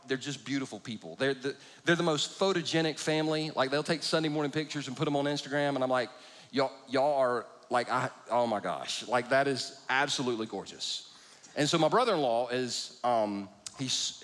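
A man's voice: medium pitch, fairly bright tone. A middle-aged man preaching a sermon, telling stories with self-deprecating humor. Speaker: pastor. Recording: long reverb of a large hall.

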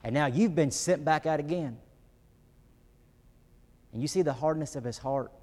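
A pastor's warm, slightly high voice carries an earnest sermon at a moderate pace, echoing with the long reverb of a hall. His voice goes up for emphasis and when he acts out quotes.

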